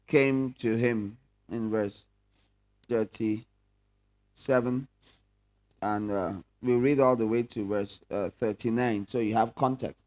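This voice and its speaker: A man's voice: medium pitch, fairly even intonation, slow, long pauses, a little mellow. A man leading a prayer meeting Bible study, talking conversationally and asking the room questions. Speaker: pastor.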